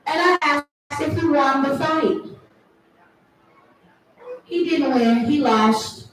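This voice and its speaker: A woman's voice: sits high, takes it slowly, music in the background. A woman in her thirties doing a playful stand-up comedy set with teasing crowd work at a live event. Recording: echoey room, from far off.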